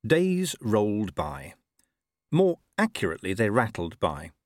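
Lively male audiobook narrator, dry sound. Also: on the low side, unhurried, no echo. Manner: expressive, shifting tone through the telling.

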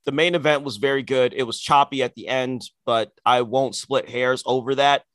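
An opinionated male co-host in casual talk, animated and sarcastic as he argues his point. The sound is dry and close. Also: medium pitch, moderate pace, no room sound. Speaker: podcast co-host. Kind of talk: casual wrestling chat.

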